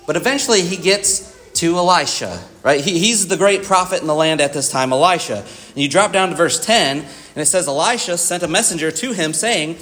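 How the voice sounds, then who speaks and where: A man with a slightly higher voice preaches a Sunday sermon in church. He speaks in a relaxed, conversational way and keeps checking in with the congregation. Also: normal speed. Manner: conversational, with frequent "right?" asides and acted quotes.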